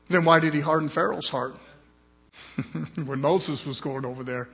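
Folksy male preacher, high bright husky voice, fervent sermon with scripture reading. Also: lively intonation, measured pace, long pauses.

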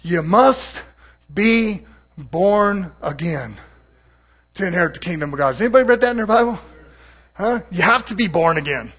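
A man preaching a sermon, swinging from low murmurs to shouted declarations and calling out to the congregation for responses. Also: expressive, moderate pace, pauses often, husky.

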